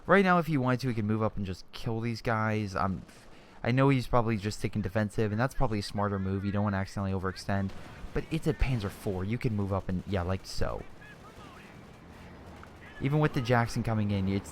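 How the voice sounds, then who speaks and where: A man's voice: lowish voice, fairly quick, a little hiss or hum. A young man giving casual commentary over a strategy game replay, chatty and exclamatory, often restarting his sentences.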